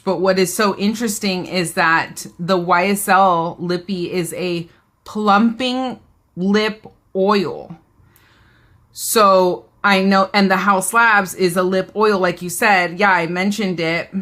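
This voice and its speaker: A woman's voice: mid-range voice, fairly bright tone. A woman, hosting a casual live beauty haul, chatting and reading viewer comments aloud. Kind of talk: casual live-stream chat.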